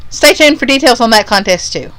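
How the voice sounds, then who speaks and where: A woman's voice: a little high, animated, brisk, fairly bright tone, no room sound, low-quality recording. A woman co-hosting a podcast in casual chat, upbeat as she makes announcements. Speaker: podcast co-host.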